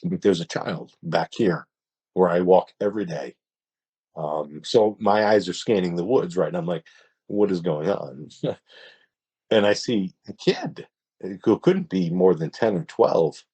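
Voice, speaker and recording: Husky low-voiced man telling a story. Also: expressive, warm tone. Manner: hesitant, halting, with many restarts. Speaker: podcast guest. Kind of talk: casual storytelling.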